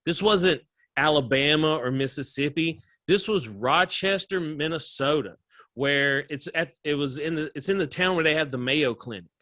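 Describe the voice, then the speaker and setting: Laughing, bright-voiced comedian guest. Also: male voice, a little high, moderate pace, no room sound. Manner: animated, laughs often while telling stories. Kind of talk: casual interview storytelling.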